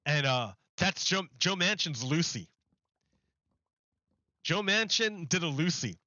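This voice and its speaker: A man's voice: a little high, lively intonation, slow pace, sharp tone, no echo, lo-fi sound. A man streaming live, rambling through a mocking rant in casual chat and laughing often.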